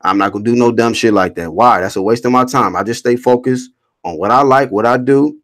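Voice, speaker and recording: A man's voice: medium pitch, a little fast. A man hosting a casual boxing livestream, reading chat comments aloud and answering them in a blunt, slangy, swearing rant. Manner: blunt, animated, reads chat comments aloud and rants back.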